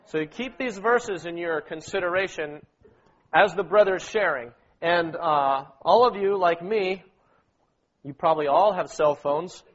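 A man's voice: sits high, unhurried, dull audio. A man leading a church meeting, preaching and prompting the group to read verses aloud together, often asking "okay?" and answering "amen.". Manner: exhorting, repeats words, prompts the congregation with "okay?" and "amen". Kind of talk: sermon with group scripture reading.

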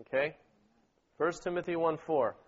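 A pastor leading a church meeting preaches to his congregation in a high, raised voice at a normal pace, urging everyone to read scripture along with him. He repeats words and keeps prompting the room with "okay?" and "amen." The recording is dull and lo-fi, like it came from a modest recorder.

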